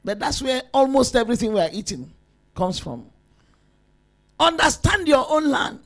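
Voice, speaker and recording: A woman preaching a sermon to women, emphatic and lively, rising to shouts at her peaks. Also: high-pitched, normal speed.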